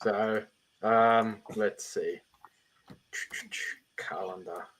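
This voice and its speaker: A man from Australia hosting a casual live-stream chat in a laid-back, unhurried way. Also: medium pitch, flat delivery, bright, forceful tone, poor audio. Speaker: show host.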